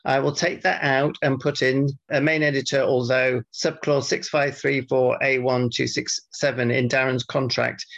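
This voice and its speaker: A man co-hosting a podcast, bantering casually and reading out mock-formal feedback in a dry, deadpan way. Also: mid-range voice, moderate pace, few pauses. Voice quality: gravelly, husky. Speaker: podcast co-host. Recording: dull lo-fi podcast audio.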